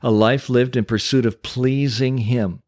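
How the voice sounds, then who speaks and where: A man's voice: medium pitch, fairly even intonation, measured pace, darkish tone, no room sound, clean studio sound. A man hosting a Christian teaching podcast, speaking in an emphatic preacherly way with rhetorical questions. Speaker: podcast host and Christian coach.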